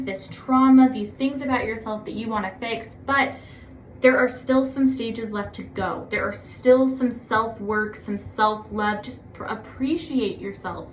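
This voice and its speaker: Woman doing a tarot reading, chatty and upbeat, bit high voice, echoey room w faint hum. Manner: chatty, gushing and encouraging, gets excited. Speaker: tarot reader. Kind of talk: casual tarot reading to camera.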